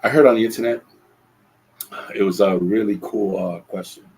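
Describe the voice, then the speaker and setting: A man's voice: fairly low pitch, steady tone, normal speed, a little mellow, poor audio. A man hosting a solo podcast, talking earnestly and reflectively, often restarting his phrases. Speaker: podcast host.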